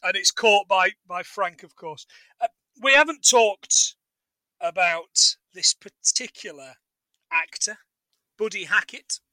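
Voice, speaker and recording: Bright, high-voiced man, playful. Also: takes it slowly, no room sound, low-quality recording. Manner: rambling, jokey, acts out quotes. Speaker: podcast co-host. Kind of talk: casual film recap chat.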